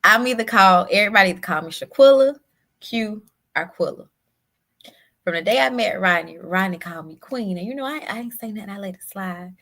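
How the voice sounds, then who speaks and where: A woman guest telling a personal story in a halting, emotional way, often repeating her words. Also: mid-range voice, lively intonation, gravelly, fairly bright tone. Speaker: podcast guest.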